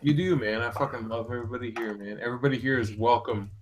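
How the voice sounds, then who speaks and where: A man's voice: mid-range voice, fairly even intonation, quick pace. A man in a casual group chat, teasing the others in a crude way.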